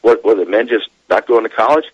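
Husky-voiced middle-aged guest. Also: male voice, on the low side, fast talker, dry recording, highs cut off. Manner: animated storyteller, laughs while explaining. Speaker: radio show guest, demographer. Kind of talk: radio interview.

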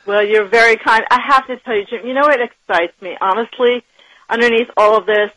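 A woman guest on a radio show, an enthusiastic and animated storyteller who laughs often. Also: on the high side, fairly quick, no room sound, poor audio. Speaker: guest, business author and professor. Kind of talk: radio interview.

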